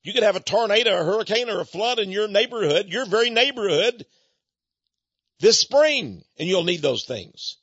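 A man's voice: sits high, animated, moderate pace, a bit bright, husky, no room sound, highs cut off. An older American man giving a folksy, indignant monologue, like a radio host selling goods and ranting about money. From United States.

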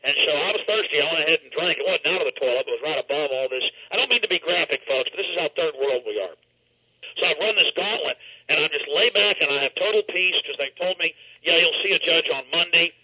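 A man's voice: fairly high pitch, animated, fast talker, bright, forceful tone, slightly rough. A man telling a story dramatically and emphatically in an interview, over a dull lo-fi line. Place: New York.

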